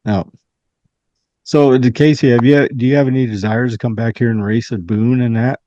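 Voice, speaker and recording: A man's voice: medium pitch, steady tone, normal speed, warm tone, no room sound. A man hosting a podcast, chatting casually and telling a laid-back story, swearing freely. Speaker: podcast host. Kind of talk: casual chat. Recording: dull lo-fi sound, dry.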